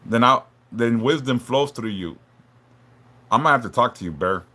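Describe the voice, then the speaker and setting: A man hosting a live stream, talking haltingly and emotionally, stumbling and repeating words, swearing a lot and apologizing for opening up. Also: mid-range voice, lively intonation, noisy background. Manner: apologetic and openly vulnerable. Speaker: livestream host reading chat.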